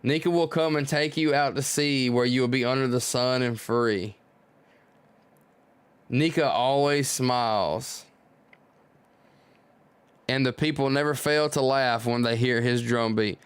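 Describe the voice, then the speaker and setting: A man reading a gentle, grieving manga father. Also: medium pitch, measured pace, long pauses, clear, resonant tone, dry recording, natural voice. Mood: tender. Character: grieving, gentle father comforting his young son.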